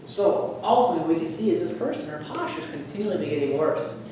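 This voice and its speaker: A man, a chiropractor, giving an energetic presentation to an audience and quizzing them with questions. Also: a little high, fast talker, noisy background. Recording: echoey room, voice from far off.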